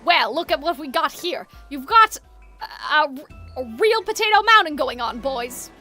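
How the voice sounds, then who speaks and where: A woman voicing a gruff male restaurant manager with a put-on Scottish sea-shanty accent, reading game dialogue in a hearty, folksy drawl. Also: high voice, expressive, measured pace, sharp tone, faint music behind, pitched below the performer's own voice, full character voice.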